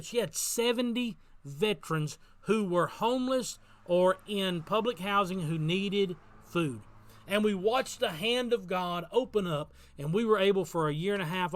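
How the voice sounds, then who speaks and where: A man's voice: high-pitched, no room sound. A middle-aged man, a pastor, preaching a daily devotional sermon outdoors on his front porch, telling stories earnestly and repeating key phrases for emphasis.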